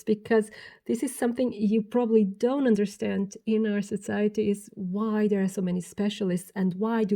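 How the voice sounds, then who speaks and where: A woman giving a pick-a-card tarot reading, speaking warmly and directly to the viewer. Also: medium pitch. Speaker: tarot reader.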